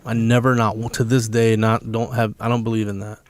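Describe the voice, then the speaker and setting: A man's voice: fairly low pitch, little pitch movement, brisk. A man, a podcast guest, telling a story in a casual, blunt and emphatic way, swearing freely.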